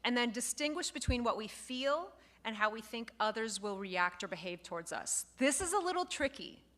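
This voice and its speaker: A woman instructor giving a lively lecture to a live class, acting out example phrases as she goes. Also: on the high side, normal speed. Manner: lively, expressive, acts out quoted phrases.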